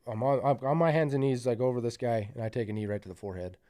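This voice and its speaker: His mid-range voice comes out rapid-fire yet mellow as this South Central Utah hunting guide rambles through a podcast story. He swears, leans on "you know" and "like," and acts out the lines he's quoting in casual storytelling fashion.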